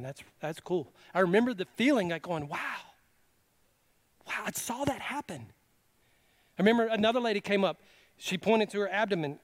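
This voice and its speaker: A high-voiced man preaching a sermon to his congregation. He tells stories in a casual, animated way, acting out excited exclamations. His delivery swings between forceful, urgent preaching and quiet, conversational asides. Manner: casual storytelling with quoted exclamations. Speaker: pastor.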